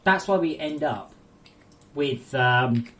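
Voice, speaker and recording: A woman game developer talking on a live stream, reading out viewer messages as she goes. Her voice sits low for a woman, and her pitch swings widely as she rants. She is quick to anger and swears freely. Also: expressive, fairly bright tone. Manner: profane, ranting, quick to anger. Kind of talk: casual livestream chat, reading viewer messages aloud.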